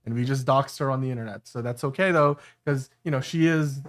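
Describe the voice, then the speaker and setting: A man's voice: medium pitch, a little fast. A man hosting a live-stream show, reading viewer comments in an easygoing way. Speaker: host. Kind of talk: casual live-stream chat.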